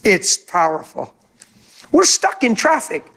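A man pastor telling a story in a sermon, acting out each person's lines with lively dialogue. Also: high voice, takes it slowly, noisy background. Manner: animated, acts out quoted dialogue.

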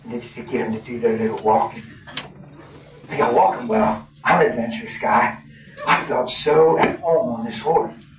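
A man in his fifties preaching a sermon, folksy and animated, laughing as he tells stories. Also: medium pitch, normal speed, a little hiss or hum. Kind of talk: sermon with storytelling. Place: church hall. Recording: echoey hall from far off, crowd. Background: congregation.

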